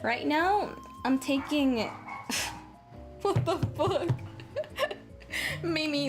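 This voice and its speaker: A woman's voice: sits high, lively intonation, extremely slow, music in the background. A woman from Latin America streaming from her apartment with a sore throat, chatting casually and animatedly with her chat and swearing freely. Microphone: travel microphone.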